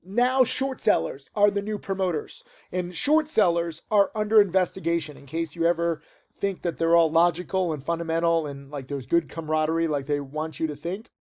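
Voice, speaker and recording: In a tent outdoors, a forties-aged man rambles through a casual trading lesson on video, emphatic and heavy on fillers. He speaks at a moderate pace in a fairly high voice with vocal fry and a darkish tone.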